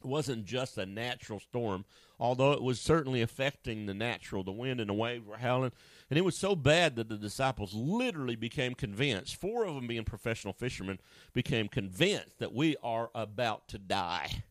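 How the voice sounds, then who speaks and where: Male pastor, lively swooping delivery, dry booming close-up sound, jokey asides. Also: normal speed, no echo. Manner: animated, acts out voices with sudden high pitch jumps; conversational and joking, with asides to a co-host. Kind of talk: sermon.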